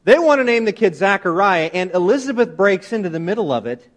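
A man preaching a sermon, emphatic and animated, often asking his listeners rhetorical questions. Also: sits high, a little fast. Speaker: pastor.

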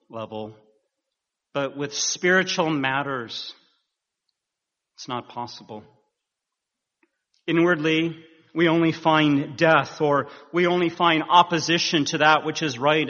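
A man preaching a sermon in a measured, earnest way, rising with emphasis at key points. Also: on the high side, fairly bright tone. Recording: dull sound in a reverberant hall.

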